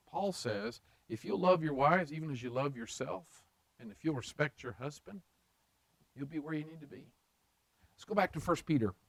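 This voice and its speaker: A man's voice: fairly high pitch, poor audio. A man preaching a conversational sermon, mixing joking asides with acted-out paraphrases of scripture.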